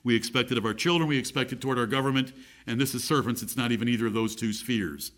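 A man's voice: medium pitch, fast, fairly bright tone. A middle-aged man preaching a sermon, reading scripture aloud and repeating key phrases for emphasis.

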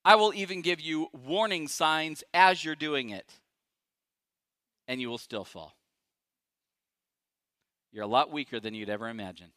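A male pastor preaching a sermon, emphatic and dramatic, swinging from loud declarations to hushed asides. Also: on the high side, unhurried, pauses often, no room sound, studio quality.

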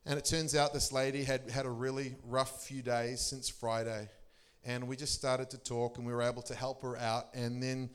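A man's voice: moderate pace, few pauses, clean tone. A middle-aged man, a pastor telling testimony stories in a sermon. He laughs often and his voice leaps up for emphasis. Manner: animated storyteller, laughing often, pitch leaping for emphasis.

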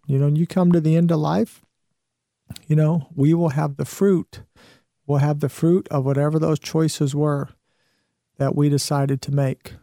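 A man's voice: fairly high pitch, mellow, dry recording, studio quality. A man hosting a show, giving an earnest motivational talk with some restarts and fillers. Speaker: show host.

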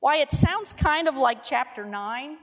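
A woman delivers a sermon at a slow, deliberate pace. Her voice sits a little higher than most. She paints scenes vividly and keeps asking her listeners rhetorical questions, and a long reverb trails behind her words as if she is in a big hall. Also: animated, a bit bright. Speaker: preacher.

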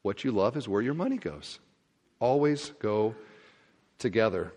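A man's voice: lowish voice, a little slow. Man preaching in an echoing church hall. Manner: animated storytelling, acting out scenes. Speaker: pastor. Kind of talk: sermon. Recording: long reverb of a church hall.

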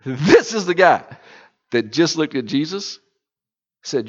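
A man as pastor, preaching a sermon with wide swings in pitch and loudness. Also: very animated, takes it slowly, long pauses, highs cut off.

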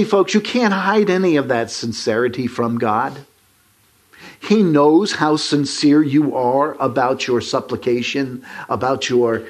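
A man delivering a sermon in a slightly husky voice. His pitch swings widely as he leans into his points. He reads scripture and talks straight to the congregation. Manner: emphatic, rising to stress points and addressing the congregation as folks. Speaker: preacher.

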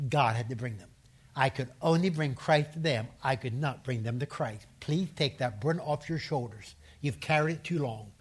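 A man preaching a sermon in a slightly raised voice. He hammers his points home by repeating phrases and has the congregation speak verses aloud with him. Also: on the high side. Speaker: preacher and seminary professor.

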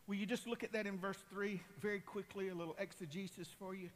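A man preaching a sermon, impassioned and building to loud cries. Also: high voice, fast talker, hardly any pauses. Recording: long hall reverb.

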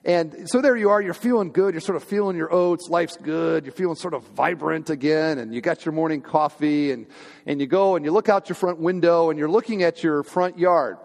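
This senior pastor speaks fairly quickly in a fairly high, slightly mellow voice with some vocal fry. He delivers his sermon conversationally and with humor, frequently questioning the congregation, while the church sanctuary adds a long hall reverb.

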